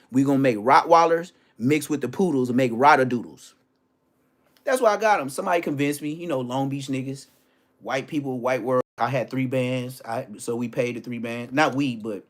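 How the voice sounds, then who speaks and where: Male streamer, mid-pitched, brash and profane, with street-slang storytelling that swings from hushed to loud. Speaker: livestream host. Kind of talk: casual profane livestream rant.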